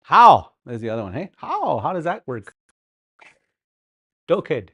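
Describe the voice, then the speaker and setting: Lively, playful language teacher. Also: mid-range voice, a little slow, husky, no room sound, clean studio sound. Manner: playful, repeats words for practice, chuckles often; paces around the room while teaching. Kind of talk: live language class. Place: classroom during a livestreamed class.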